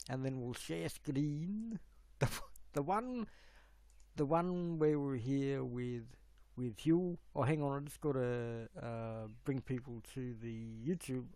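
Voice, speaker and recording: A man's voice: medium pitch, vocal fry, mellow, no room sound. A middle-aged man, rambling on a live stream while he fiddles with his stream settings. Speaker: livestream host.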